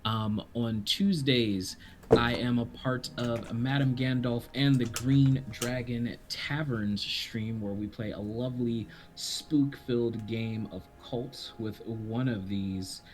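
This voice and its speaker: A man's voice: mid-range voice, takes it slowly, soft background music. A man who is a game master and voice actor, chatting enthusiastically and rambling through his plugs on a stream. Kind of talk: casual stream chat.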